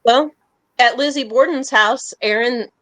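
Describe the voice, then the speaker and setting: A woman's voice: a little high, unhurried, fairly bright tone, no echo, poor audio. Woman chiming in, dry close sound. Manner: short interjections, storytelling. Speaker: paranormal investigator. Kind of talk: casual group chat.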